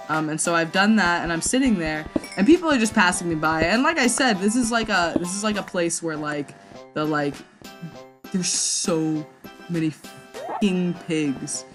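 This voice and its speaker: A young adult woman, a gaming vlogger, rambles through a story while playing, stammering, restarting and swearing as she goes. Her voice is on the low side with a fairly bright tone and a moderate pace, over soft background music.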